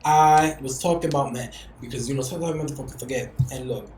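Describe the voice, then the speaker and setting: A man hosting a podcast, telling stories in a casual, animated, profane way. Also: mid-range voice, fast talker, reverberant, a little hiss or hum. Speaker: podcast host. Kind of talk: casual chat.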